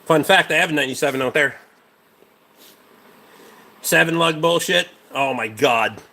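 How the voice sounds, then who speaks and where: A man's voice: fairly high pitch, moderate pace, creaky, sharp tone. A man hosting a casual livestream, a mechanic rambling about truck parts and swearing freely while answering chat.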